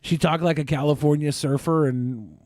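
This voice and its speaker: Male podcast co-host, crude and mocking, a bit high-pitched, dry sound. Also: fairly even intonation, normal speed, a little mellow, no echo. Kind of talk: casual crude banter.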